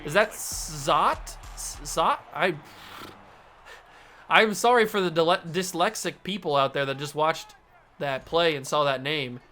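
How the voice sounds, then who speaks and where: A young man hosting a gaming channel, calling his football video game plays like an excitable, jokey sportscaster. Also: on the high side, unhurried. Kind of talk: casual play-by-play commentary while gaming. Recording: faint game music behind.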